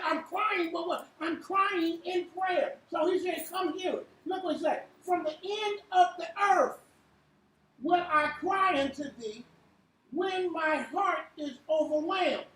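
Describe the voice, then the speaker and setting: A woman leading an interactive church Bible lesson, quizzing the room with repeated "what?" and building to shouts. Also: very high voice, a little slow. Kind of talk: interactive sermon with call and response. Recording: echoey room from far off, faint hiss.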